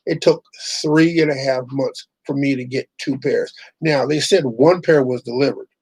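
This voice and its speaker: A man's voice: medium pitch, normal speed, darkish tone, husky, dry recording, rough recording. A middle-aged man hosting his own online show, ranting bluntly and profanely, rambling with restarts. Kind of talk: casual ranting monologue.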